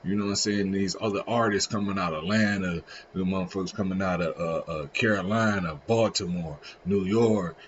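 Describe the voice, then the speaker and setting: Male streamer, low-ish voice, slangy rambling reaction talk, muffled stream audio. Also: steady tone, a little fast, hardly any pauses, a little hiss or hum. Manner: rambling, slangy, frequent restarts. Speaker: live streamer. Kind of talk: casual reaction commentary. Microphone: streaming setup.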